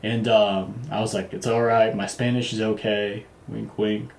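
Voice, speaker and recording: A man's voice: on the low side, flat delivery, a little slow, gravelly, darkish tone, slight background noise. A man casually telling a travel story, loose and profane, with lots of fillers and restarts. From United States. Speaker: vlogger. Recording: roomy echo.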